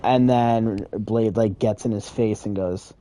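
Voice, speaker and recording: A man's voice: lowish voice, fairly even intonation, a little slow, dark tone, slight background noise. A man casually retelling a wrestling game storyline, rambling and profane, with chuckles. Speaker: gaming creator.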